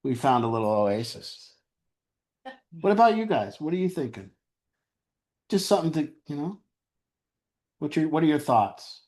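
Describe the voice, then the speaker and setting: A man's voice: fairly high pitch, big pitch swings, moderate pace, pauses often, darkish tone. A middle-aged man leading a recovery group, telling candid stories with crude humor and laughter. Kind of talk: group sharing talk.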